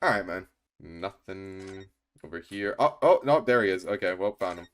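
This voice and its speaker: A man streaming a game, chatting casually, excitable and profane, laughing often. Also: deep voice, normal speed. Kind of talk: casual gameplay commentary. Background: faint game music.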